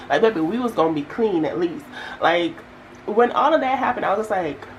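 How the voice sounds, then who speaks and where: A young woman, chatting casually to viewers as she works through her budget, telling stories with lively asides. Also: mid-range voice, fairly quick, slight background noise, poor audio. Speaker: budgeting vlogger. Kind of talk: casual chat while budgeting.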